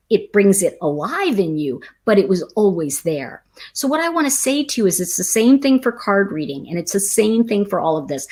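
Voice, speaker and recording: Woman, tarot teacher, casual livestream host, animated storyteller, voice swings up and down a lot. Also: mid-range voice. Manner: animated storyteller who drifts into tangents; reads and answers viewer comments.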